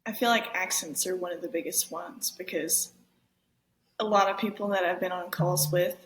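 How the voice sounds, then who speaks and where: A woman's voice: on the low side, steady tone, moderate pace. Young woman in an echoey room. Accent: faint Southern. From Arkansas, US South. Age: 20s. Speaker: guest. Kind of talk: casual chat.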